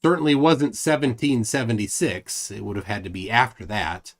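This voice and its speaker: A man's voice: medium pitch, normal speed. A man hosting a casual live stream, reading viewer comments aloud and teasing his guest dryly. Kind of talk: casual livestream chat.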